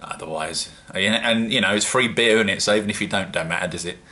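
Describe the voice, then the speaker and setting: A man with a British accent talks to his viewers in a loose, rambling vlog. His voice sits low yet comes across bright and forward, and he pokes fun at himself as he chats. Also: fast. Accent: British English. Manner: chatty, rambling, self-mocking. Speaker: home-brewing vlogger. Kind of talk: casual solo vlog.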